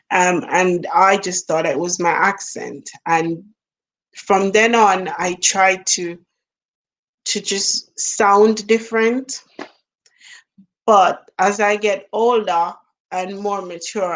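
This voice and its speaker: A middle-aged Jamaican woman with a Jamaican accent talks to the camera in a casual, reflective vlog, musing aloud, trailing off and laughing at herself. Her voice is medium in pitch and she speaks slowly.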